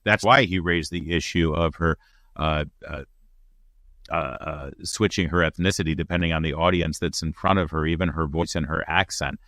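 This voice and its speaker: Male host, very deep voice, punchy and opinionated, dry close sound. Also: steady tone, normal speed, fairly bright tone, no echo. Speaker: show host. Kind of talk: political commentary.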